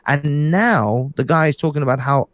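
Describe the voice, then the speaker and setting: A man's voice: a little high, moderate pace, no room sound. A tired man talking in a casual late-night chat, rambling with many hesitant restarts. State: tired, yawning. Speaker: podcast guest.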